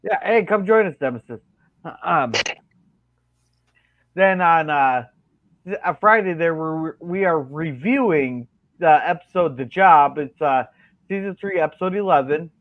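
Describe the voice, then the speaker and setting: A laid-back man chatting on a livestream, fairly high-pitched for a man. His audio comes through a dull, lo-fi microphone. The sound is dry. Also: animated, a little slow, pauses often, dry recording. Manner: laid-back, lists plans with fillers. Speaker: guest streamer, chat helper. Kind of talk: casual livestream chat.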